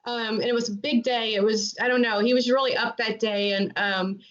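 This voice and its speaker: A fairly high, bright-ish voice with fairly even intonation moves briskly. The speaker, a North Carolina amateur dressage rider, is an earnest, talkative guest on a casual podcast who keeps restarting her sentences, captured in dull lo-fi sound.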